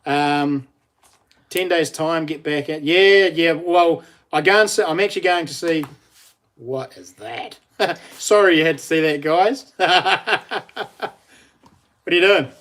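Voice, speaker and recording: A man's voice: a little high, unhurried, fairly bright tone. A middle-aged man with a New Zealand accent, chatting casually on a live stream, laughing often and reading out viewer messages.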